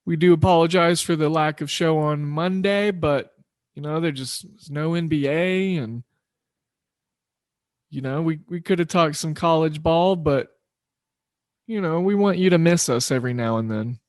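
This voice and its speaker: A man's voice: a little high, normal speed, dry recording, studio quality. A man hosting a sports betting podcast, talking loosely and in a rambling, self-deprecating way. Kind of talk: casual solo podcast talk.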